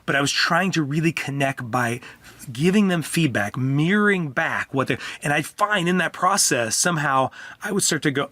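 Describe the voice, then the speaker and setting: A middle-aged man co-hosting a parenting podcast, chatting casually and getting animated when he acts out talks with kids. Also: on the high side, moderate pace, dry recording. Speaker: podcast co-host, counselor. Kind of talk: casual chat.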